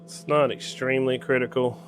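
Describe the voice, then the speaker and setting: A man with a Southern accent from the US narrates his workshop steps casually and fairly quickly. His medium-pitched voice barely moves in pitch, and soft music plays in the background.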